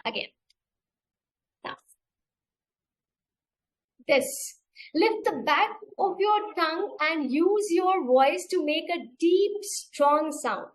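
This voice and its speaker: A middle-aged woman with an Indian English accent runs an online teacher webinar. Her voice sits high, and she talks at an unhurried pace, modelling sounds carefully and repeating each instruction. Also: animated. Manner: slow, patient, demonstrates sounds and repeats steps. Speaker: teacher trainer.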